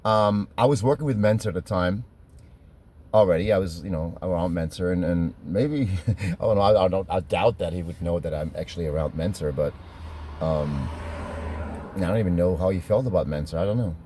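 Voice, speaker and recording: A man's voice: low voice, fairly quick, warm tone, slight background noise. A middle-aged man from Germany with a German accent, telling stories in a rambling, self-correcting way and laughing at his own memories. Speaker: fitness trainer telling stories. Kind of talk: casual storytelling monologue.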